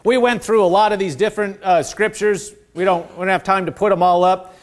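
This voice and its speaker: A man's voice: high-pitched, fairly even intonation, brisk. A middle-aged man, a pastor, preaching a sermon, quoting scripture and calling for responses from the congregation.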